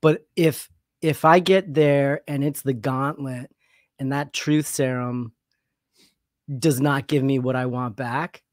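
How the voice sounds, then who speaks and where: A man on a podcast as a guest, talking in an animated, self-mocking way and admitting he's nervous. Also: medium pitch, slow, dry recording, clean studio sound. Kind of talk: casual chat.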